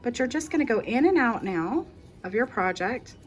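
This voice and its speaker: A woman's voice: on the high side, animated, moderate pace. A woman hosting a casual crochet tutorial, walking through each step in a chatty, reassuring way and correcting herself as she goes.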